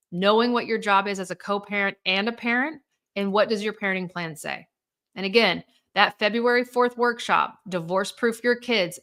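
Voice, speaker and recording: Woman host, bright tense voice, blunt and candid about hard family topics, live to viewers. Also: medium pitch. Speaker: divorce coach hosting a live show.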